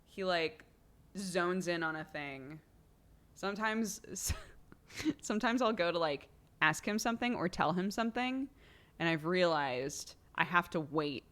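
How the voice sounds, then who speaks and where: A woman's voice: lowish voice, lively intonation, unhurried, a bit bright. A young woman hosting a livestream in casual chat. She says "like" constantly and breaks into laughter often. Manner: chatty, laughs often, heavy use of "like". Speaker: livestream host.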